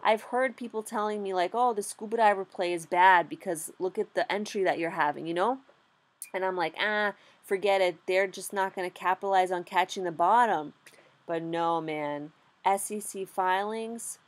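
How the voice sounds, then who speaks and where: A young adult woman trading stocks for the first time talks through a casual vlog recap, lively and open, full of "like" and regular cursing. Her voice leans low, at an ordinary speed.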